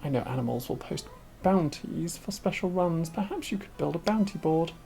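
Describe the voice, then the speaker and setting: A woman voicing a chatty female hiking expert from a game in a deliberately bad, exaggerated French accent, drawing out her words slowly. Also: on the low side, expressive, creaky, mellow. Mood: friendly pitch. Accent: put-on French. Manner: slow, drawn-out delivery.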